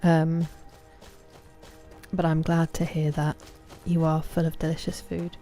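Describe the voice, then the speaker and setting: Unhurried and monotone, this low-pitched English woman streams a game with faint music behind her. She chats casually, warmly welcomes viewers by name, and occasionally slips into a whisper.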